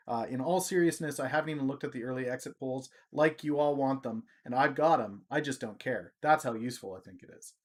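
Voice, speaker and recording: A man's voice: mid-range voice, normal speed. A man from Canada hosts a livestream, giving casual, rambling commentary with jokes and many fillers. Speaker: livestream host.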